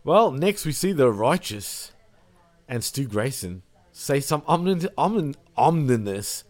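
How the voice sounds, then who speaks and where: A man's voice: mid-range voice, big pitch swings, measured pace, darkish tone. A man hosting a casual wrestling review podcast, recapping segments and swearing. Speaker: podcast host.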